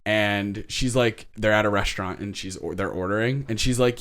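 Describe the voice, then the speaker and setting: A man co-hosts a casual podcast, retelling an episode with lots of energy. His voice sits low and comes across smooth and clear. He acts out the characters' lines, laughs often and drops the odd swear. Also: fairly even intonation, normal speed, few pauses, a bit bright. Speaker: podcast co-host.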